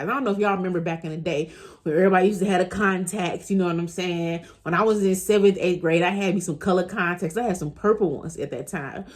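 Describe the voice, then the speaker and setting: A woman in her thirties telling a personal story to her viewers in a casual, chatty way, often speaking straight to them and laughing as she goes. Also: fairly low pitch. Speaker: vlogger.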